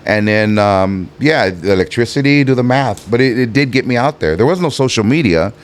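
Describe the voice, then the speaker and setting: A man's voice: mid-range voice, lively intonation, a little fast. A man in his fifties from the Los Angeles harbor area, telling stories as a podcast guest in a rambling, laid-back way. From Los Angeles harbor area, California. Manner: rambling, laid-back, many fillers and restarts. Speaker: guest, rapper. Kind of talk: casual storytelling interview.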